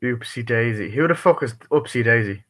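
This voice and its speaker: Male streamer, bright forceful tone, rambling, heavy swearing, casual movie review on a live stream. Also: medium pitch, lively intonation. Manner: acts out dialogue in quick bursts.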